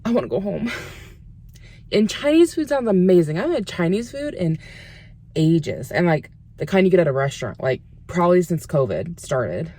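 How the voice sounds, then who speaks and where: A woman's voice: fairly low pitch, sing-song, moderate pace, mellow. A woman in her thirties chatting casually to the camera in a vlog, rambling and laughing often. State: out of breath. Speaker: vlogger.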